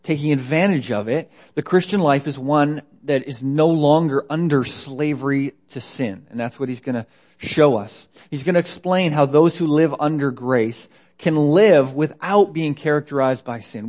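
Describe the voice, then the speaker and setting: A man's voice: fairly high pitch, darkish tone. A man preaching a sermon in a conversational way, asking rhetorical questions. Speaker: pastor.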